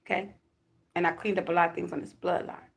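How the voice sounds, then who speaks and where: Woman, spiritual reader vlogging, low voice with a gravelly edge, talks straight to viewers. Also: level tone, fast. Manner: chatty, emphatic, addresses viewers directly. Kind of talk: casual spiritual talk to viewers.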